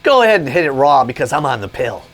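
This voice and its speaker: A man voicing a scheming girlfriend in an exaggerated, mocking falsetto. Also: very animated, fast, a bit bright, soft background music.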